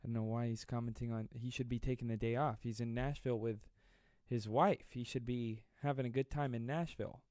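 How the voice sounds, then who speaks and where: A man in his twenties hosting a live stream, reading viewer comments aloud and joking with a fast, self-deprecating manner. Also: mid-range voice, steady tone, darkish tone, smooth, no room sound, clean studio sound. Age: 20s. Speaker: livestream host.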